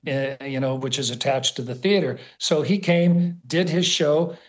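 Enthusiastic higher-voiced American man. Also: steady tone. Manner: enthusiastic, halting, repeats words. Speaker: guest. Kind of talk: conversational storytelling.

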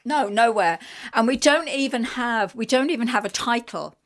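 A middle-aged woman with a London accent, a radio guest telling an animated, emotional story with many fillers. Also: fairly high pitch, moderate pace. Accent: London English. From England. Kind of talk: casual radio interview chat.

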